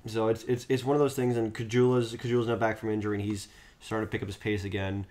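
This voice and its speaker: Low-voiced analytical male co-host. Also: little pitch movement, fast, a little mellow. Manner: analytical, hedging with ums. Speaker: podcast co-host. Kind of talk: casual hockey chat.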